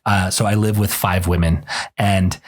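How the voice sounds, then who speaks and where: Guy ranting on his book podcast, low-ish voice, gets worked up and emphatic. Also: steady tone, normal speed. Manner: indignant, emphatic, voice jumps higher when worked up. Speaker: podcast host and book reviewer. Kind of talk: casual opinionated book review.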